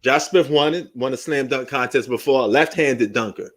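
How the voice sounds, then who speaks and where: A middle-aged man hosts a live sports stream in casual, off-the-cuff talk. He swears freely, jokes around, and drifts into fond memories as he talks. His voice sits at an ordinary, middle pitch. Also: normal speed. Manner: loose and profane, reminiscing and joking.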